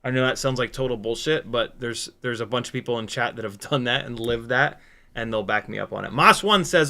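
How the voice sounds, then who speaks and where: A tired man in his forties or older hosts a casual livestream, talking at an ordinary mid pitch. He rambles candidly with plenty of fillers, reads viewer comments aloud and drops self-mocking asides. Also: a little fast, vocal fry, pushed and bright. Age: 40s or older. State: tired, sleep deprived. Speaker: FPV drone livestream host.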